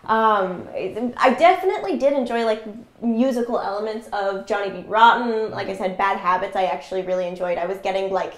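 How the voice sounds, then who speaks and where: A young adult woman co-hosting a casual album review chat, talking in a chatty, animated way full of "like". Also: medium pitch, fairly quick. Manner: chatty, animated, lots of like and quoted inner thoughts. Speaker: podcast co-host. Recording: echoey room.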